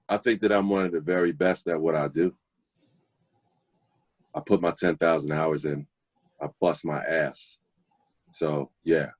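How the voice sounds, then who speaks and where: A middle-aged man, a guest DJ, telling stories casually, animated and confident, laughing often. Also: a bass voice, dry recording. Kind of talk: casual storytelling.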